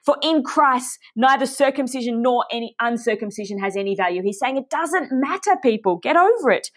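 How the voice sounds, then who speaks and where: A woman's voice: a little high, animated, a little fast. A woman preaching a sermon, speaking with passion and emphasis and addressing her listeners directly.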